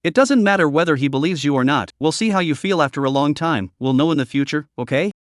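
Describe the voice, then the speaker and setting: A man's voice: fairly high pitch, expressive, fast, dry recording, clean studio sound, natural voice. A man voicing a protective young man who soothes and reassures a crying girl. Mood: soothing.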